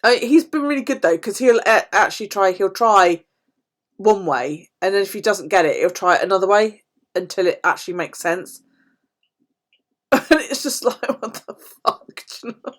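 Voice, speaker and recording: A woman's voice: medium pitch, animated, moderate pace. A British woman vlogger chatting casually to her viewers, swearing freely and laughing often. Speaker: planner vlogger. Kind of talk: casual chat to live viewers.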